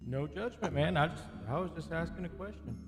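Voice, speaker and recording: A man's voice: a little high, lively intonation. A man running a tabletop game as game master, rambling and stopping to restart his sentences. His voice rings with a long reverb, and faint music plays behind him. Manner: rambling, halting, lots of restarts.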